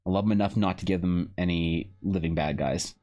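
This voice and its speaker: A man streaming live while drawing, chatting casually in a rambling, joking way with animated asides. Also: low-pitched, a little fast, highs cut off. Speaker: streamer and game master. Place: home streaming setup.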